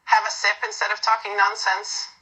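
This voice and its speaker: A woman's voice: medium pitch, completely flat delivery, moderate pace, pushed and bright, husky, rough recording. A doting, teasing best friend, as a woman reads her. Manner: affectionate teasing, calls everyone sweetheart. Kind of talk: reading a fan role-play script aloud.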